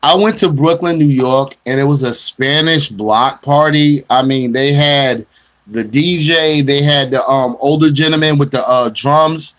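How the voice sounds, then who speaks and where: A man's voice: on the high side, measured pace, fairly bright tone, slight background noise. A middle-aged man hosting a casual radio show, loose and joking, talking straight to listeners. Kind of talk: casual internet radio chat.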